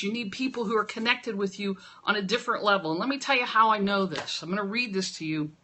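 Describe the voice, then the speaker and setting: Bright-voiced woman giving a pep talk. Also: on the high side, lively intonation, a little fast. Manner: emphatic, keeps asking "right?". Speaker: marketing coach. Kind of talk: motivational talk to camera. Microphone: camera at her computer.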